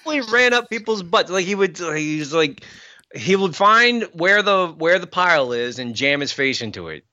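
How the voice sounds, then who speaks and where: Laid-back man co-host, bright voice, dull lo-fi recording. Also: high-pitched, animated, normal speed, a little hiss or hum. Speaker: podcast co-host. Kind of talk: casual sports chat.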